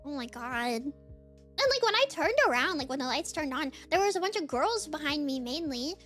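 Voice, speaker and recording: A young woman streamer telling a story in casual livestream chat, animated, laughing often and saying "like" a lot. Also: high voice, moderate pace, faint music behind.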